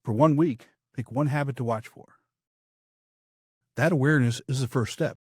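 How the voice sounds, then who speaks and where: A man hosting a public speaking podcast, giving scripted, measured instruction with emphatic, downward-punctuated points. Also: medium pitch, darkish tone, husky, no echo, studio quality.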